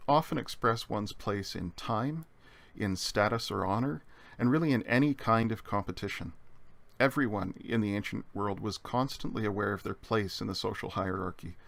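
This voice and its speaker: A man teaching Greek vocabulary in a measured lecture, explaining slowly with frequent pauses and fillers. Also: lowish voice, gravelly, fairly bright tone. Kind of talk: recorded lecture.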